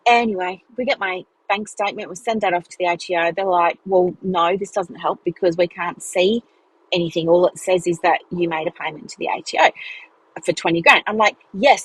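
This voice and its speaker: A woman's voice: on the low side, breathy edge, low-quality recording. A woman telling a personal story in a chatty podcast monologue, acting out the dialogue with big jumps in her voice. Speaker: business mentor and podcast host.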